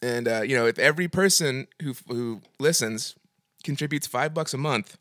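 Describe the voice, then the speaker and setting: A man hosting a comedy podcast, bantering casually and making deadpan prank calls, laughing often. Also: medium pitch, moderate pace, dry recording, clean studio sound.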